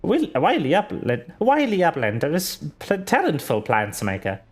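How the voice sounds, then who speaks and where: A man voicing a gruff male tribal warrior who talks in halting, broken phrases. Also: a little high, huge pitch swings, a little mellow.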